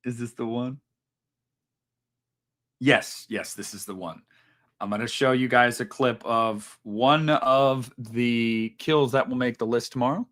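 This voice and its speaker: A man's voice: mid-range voice, fairly even intonation, measured pace, a bit bright. A young man hosting a casual live stream, reading super chats in a rambling, self-mocking way and swearing freely.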